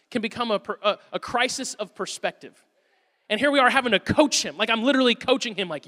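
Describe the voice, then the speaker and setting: Male pastor, 30s, high bright voice, animated storyteller; long hall reverb. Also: fairly quick. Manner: lively storyteller, acts out his kids' voices. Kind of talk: sermon with a personal story.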